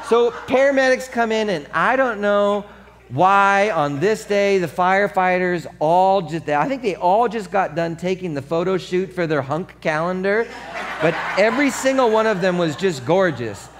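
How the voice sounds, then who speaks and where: Male pastor, sermon, animated storyteller, voice a touch high. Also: moderate pace, a little hiss or hum. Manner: drops to soft earnest tone for the appeal.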